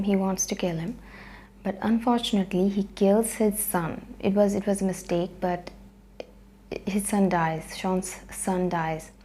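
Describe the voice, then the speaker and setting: A woman's voice: mid-range voice, warm tone. A woman casually recapping a film she watched, chatty and full of ums and uhs. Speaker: movie review vlogger. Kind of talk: casual spoken movie recap.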